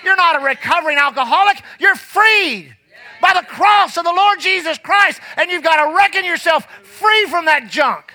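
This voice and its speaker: A man preaching a sermon in church, fervent and rising to shouts, dropping low and quiet when telling his past. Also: animated, moderate pace.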